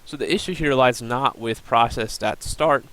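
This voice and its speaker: A man's voice: mid-range voice, normal speed, fairly bright tone, poor audio. A young man giving a recorded class presentation, plainly explaining and walking through a screen demo with the odd um and uh. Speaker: student presenter.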